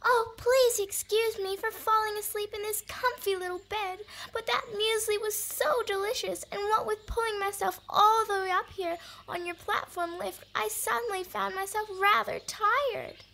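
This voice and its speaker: A woman's voice: very high voice, steady tone, normal speed, creaky, few pauses, sharp tone, slight background noise, pitched above the performer's own voice, full character voice. A woman voicing a polite, apologetic young girl, reading a storybook.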